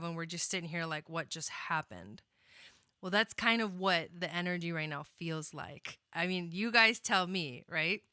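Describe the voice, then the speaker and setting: A young woman with a lowish voice that sounds pushed, bright, and smooth hosts an astrology livestream, greeting viewers by name. Her casual chat rambles, full of fillers, restarts, and laughter, captured in a dry, clean studio recording.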